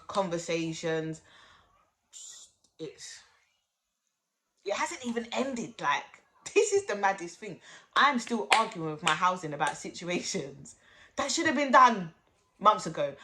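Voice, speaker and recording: A woman's voice: low voice, fairly bright tone, a little hiss or hum. A woman telling a personal story on her vlog, blunt and chatty, swearing freely and talking straight to her viewers. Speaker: vlogger.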